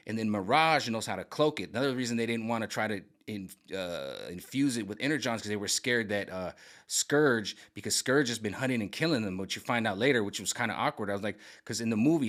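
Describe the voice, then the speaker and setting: A man casually pitching his own version of a film's story. He rambles, searches for words with many fillers, and keeps checking in with "right?" and "okay?". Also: bright, forceful tone. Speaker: fan video creator. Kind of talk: casual pitch of a film rewrite.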